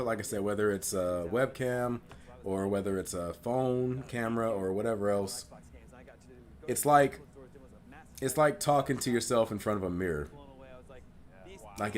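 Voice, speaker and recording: Man, very deep voice, low pitch, casual rambling, live stream reaction host. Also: normal speed. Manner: rambling, laughs often, many "like" fillers.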